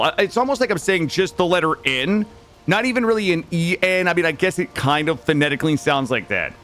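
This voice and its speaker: A man streaming a game, chatting casually with viewers, rambling and swearing as he tells stories and greets chat by name. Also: a little high. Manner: rambling, animated storytelling, swears freely; greets chat members by name while playing.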